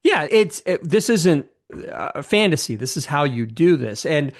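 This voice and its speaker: Podcast co-host, man, 50s, eager storyteller who restarts often, slightly raised pitch. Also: big pitch swings, moderate pace. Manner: enthusiastic rambling retelling with restarts. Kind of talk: casual film discussion.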